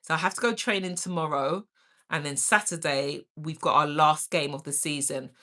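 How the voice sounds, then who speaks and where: Sitting low in pitch, this livestream host's voice is pushed and bright, steady in tone and moderate in pace. She chats bubbly with viewers and reads out their comments, whispering her asides.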